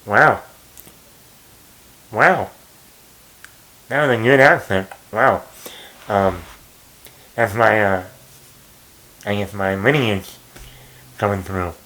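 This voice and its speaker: A man's voice: on the low side, slow pace, pauses often, sharp tone, rough recording. A man hosting his own movie channel, talking casually and rambling, with many fillers and restarts. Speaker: movie commentary host. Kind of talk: casual movie talk to camera.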